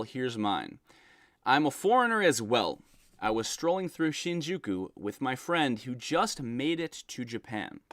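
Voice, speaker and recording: A man reads viewer stories aloud and reacts to them, his pitch sitting in an ordinary middle range. He speaks in an animated, exasperated way that turns into ranting. The recording is dry and close. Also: dry recording. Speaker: content creator reading viewer messages. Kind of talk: reaction commentary.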